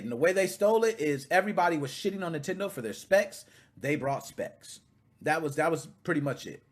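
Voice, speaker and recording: A man hosting a casual gaming podcast, ranting animatedly and breaking into shouts when excited. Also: a little high, husky. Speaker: podcast host.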